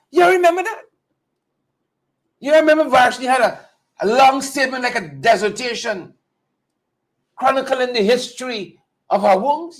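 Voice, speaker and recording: A man hosting a live political talk show, talking straight to viewers in a mocking, animated way. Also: very high-pitched. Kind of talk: casual live-stream commentary.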